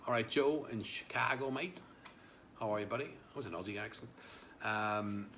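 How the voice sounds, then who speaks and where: A man's voice: on the low side, fairly bright tone, a little hiss or hum. A man chatting casually on a live stream, rambling with restarts and speaking directly to viewers about their comments.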